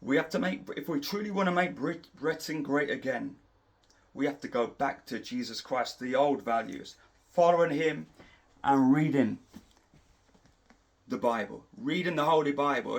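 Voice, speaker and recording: A man's voice: on the high side, lively intonation, moderate pace, vocal fry. A middle-aged man giving an impassioned preaching monologue, repeating and restarting his phrases for emphasis. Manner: repetitive, emphatic, with frequent restarts. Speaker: Christian preacher.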